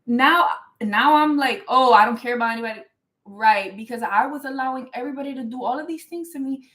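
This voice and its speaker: On her own show, a young woman with a slightly high voice relates a personal story in a fast, casual, wandering monologue. Her delivery is animated and emphatic, loose and peppered with "like" and restarts. Audio quality is poor.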